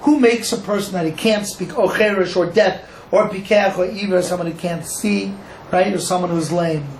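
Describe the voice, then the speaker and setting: A male rabbi from Cleveland, Ohio, giving an animated Torah class and acting out dialogue for a live group. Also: high voice, moderate pace. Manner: animated, acts out dialogue, asks the audience questions. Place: echoey room with a small audience. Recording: echoey room with faint noise.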